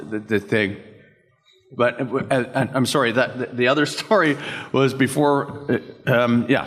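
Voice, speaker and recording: A man's voice: mid-range voice, a bit bright. An older man from Canada, a guest voice actor at a convention panel, telling rambling anecdotes and laughing through them. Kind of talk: storytelling at a panel Q&A. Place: convention hall. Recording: reverberant convention hall.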